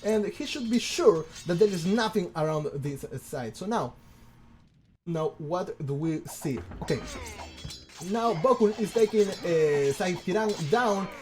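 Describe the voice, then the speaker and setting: A man casting a strategy game, excitable and stammering, firing off rhetorical questions. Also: sits high. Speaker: game commentator. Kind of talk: casual game commentary.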